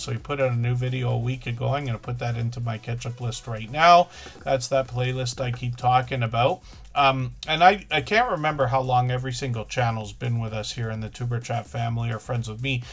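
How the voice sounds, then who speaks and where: A man's voice: medium pitch, fairly bright tone. A man hosting a casual livestream, chatting in a rambling, self-correcting way with frequent fillers. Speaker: livestream host promoting small channels.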